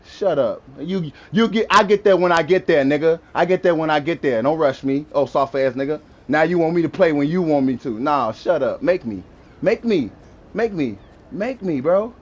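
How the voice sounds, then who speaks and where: A man's voice: fairly high pitch, animated, moderate pace. A young man gaming and trash-talking an opponent over voice chat, taunting and mocking, repeating his insults over and over. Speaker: gamer.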